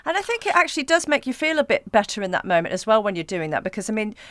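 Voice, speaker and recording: A woman's voice: mid-range voice, big pitch swings, racing, fairly bright tone, no room sound, clean studio sound. A woman hosting a podcast, talking reflectively and sympathetically, with hesitant restarts. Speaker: podcast host. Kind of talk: casual interview chat.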